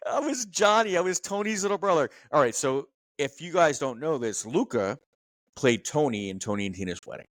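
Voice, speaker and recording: A man in his fifties from New Jersey hosts a casual podcast chat, his pitch swinging up and down as he reminisces. He laughs often, and the sound is close and dry with no room around it. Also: expressive, fairly quick, a bit bright, no echo. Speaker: podcast host.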